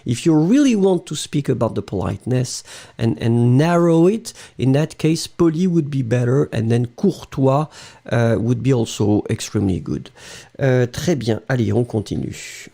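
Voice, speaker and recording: A man's voice: medium pitch, expressive, normal speed, creaky, warm tone. A middle-aged French man with a French accent, teaching a live online lesson in a chatty way, often laughing and slipping into French. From France.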